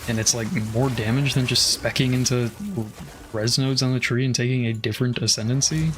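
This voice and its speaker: A man's voice: mid-range voice, fairly even intonation, fairly quick, a bit bright, a little hiss or hum. Casual swearing man streaming a game. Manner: casual, swears freely, thinks aloud with fillers. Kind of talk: casual gameplay commentary.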